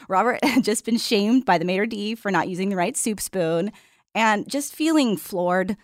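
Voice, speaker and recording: A woman podcast host giving measured, earnest scripted narration. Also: medium pitch, expressive, no echo, studio quality.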